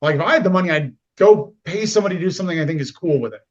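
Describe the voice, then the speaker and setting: A man's voice: fairly high pitch, racing, highs cut off. A man talking as a podcast guest in casual conversation, animatedly acting out the voices of people he describes. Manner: animated, acts out quoted voices.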